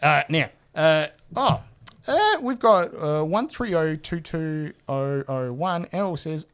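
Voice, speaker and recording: A man's voice: on the high side, lively intonation, slow, fairly bright tone, clean tone. A man, hosting a casual podcast and reading out listener feedback with laughs and the odd swear. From Australia. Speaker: podcast host.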